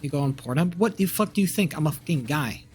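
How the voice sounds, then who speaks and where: A man's voice: on the high side, lively intonation, quick pace, breathy edge, faint music behind. A young man streaming live, rambling casually with crude language and lots of fillers and restarts.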